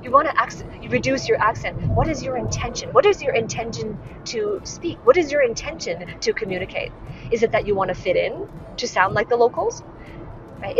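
A woman from Hong Kong, a communication coach, giving an emphatic motivational talk that repeats its key phrases. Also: fairly high pitch. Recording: slightly dull lo-fi sound with clear background noise.

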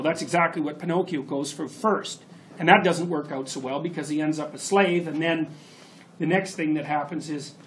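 A man giving a university lecture, retelling a story in an animated way with sudden emphatic bursts. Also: on the high side, a little hiss or hum. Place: lecture hall.

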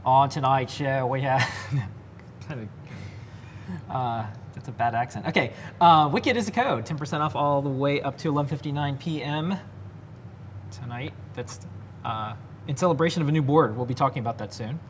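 A man's voice: on the high side, animated, a little fast, slight background noise. A man co-hosting a live electronics show, casually running through announcements and show segments. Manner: laid-back, rattles off announcements. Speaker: co-host.

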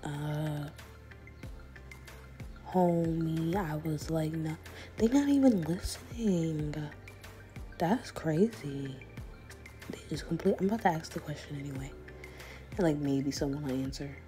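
A young woman vlogger talks through a chat room in a slow, unhurried, slang-filled way, laughing often and sometimes dropping to a whisper. Her voice is mellow and a little low. Faint music plays behind her. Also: fairly even intonation. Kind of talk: casual commentary on a game chat room.

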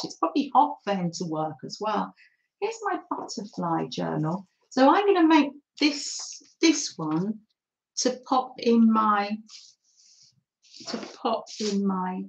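A middle-aged woman hosting a live craft session, chatting warmly to viewers and reading their comments as she works. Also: medium pitch. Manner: friendly, reads out chat comments while crafting. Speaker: craft livestream host.

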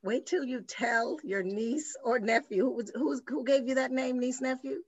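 Higher-voiced woman host, playful and teasing, on muffled video call audio. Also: normal speed, husky. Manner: playful, teasing, reads comments from the chat. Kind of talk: casual talk-show chat on a video call.

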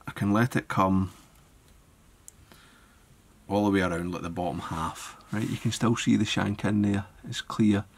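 A man giving a relaxed step-by-step fly-tying tutorial, thinking aloud as he works. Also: lowish voice, a little slow, gravelly, long pauses, breathy edge.

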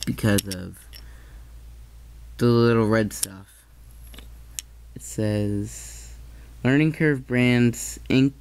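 Slow, halting man reviewing toys. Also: on the low side, gravelly, a little mellow, clean tone. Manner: hesitant, halting, corrects himself often. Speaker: toy train reviewer. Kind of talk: casual product review.

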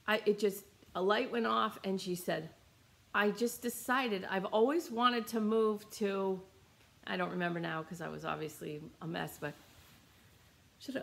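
A woman's voice: medium pitch, vocal fry. A young adult woman, a meditation teacher, telling a personal story in a rambling, emotional way, near tears and repeating her phrases. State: tearful, near crying.

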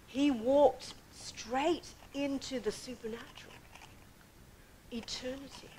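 A woman preaching a sermon in an animated way, laughing often and moving between soft whispers and loud bursts. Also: medium pitch, a little slow, pauses often, slight background noise, poor audio.

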